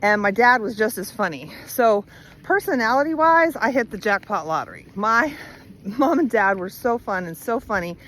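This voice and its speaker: A woman's voice: a little high, lively intonation, moderate pace, a bit bright, slight background noise, rough recording. A woman vlogger telling her life story in a candid, chatty way with many fillers and easy laughs, outdoors while walking her dog. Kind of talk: casual personal storytelling.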